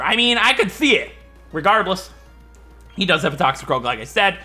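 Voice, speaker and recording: Guy doing let's play commentary, high voice, bouncy pitch, talks through every move out loud. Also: a little slow, long pauses, soft background music. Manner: animated, reasons through each move aloud. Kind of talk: thinking-aloud game commentary.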